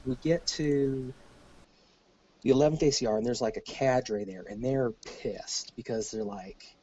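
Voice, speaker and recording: An army veteran appears as a podcast guest, his medium-pitched voice unhurried and the highs cut off in the audio. He tells a story casually and animatedly, cursing freely and performing the lines of the people involved.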